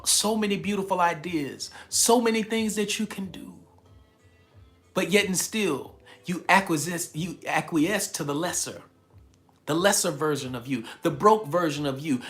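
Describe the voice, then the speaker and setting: A man's voice: high-pitched, a bit bright. A man hosting a live stream, giving a preachy, emphatic motivational talk, reading out chat comments and laughing often. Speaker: livestream host.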